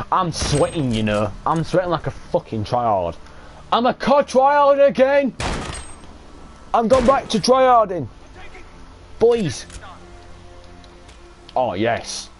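A young man giving excitable, sweary live commentary while playing a shooter game. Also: fairly low pitch, slight background noise. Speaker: gaming streamer.

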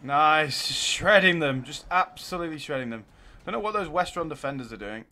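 Guy doing let's play commentary, hypes up his troops, kinda high and sharp voice. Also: normal speed. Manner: excitable, cheering units on. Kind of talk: live gameplay commentary.

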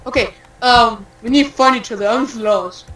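A young woman talks fast and loose over a game, excitable and quick to trash-talk. Her voice sits a little high, and she stammers whenever things get hectic. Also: background noise. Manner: excitable, trash-talking, stammers when flustered. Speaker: gamer. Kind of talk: casual gaming chat.

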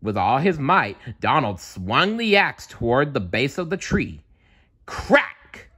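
A man reading a children's bedtime story aloud in a calm, measured way. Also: medium pitch, husky. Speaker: storybook reader.

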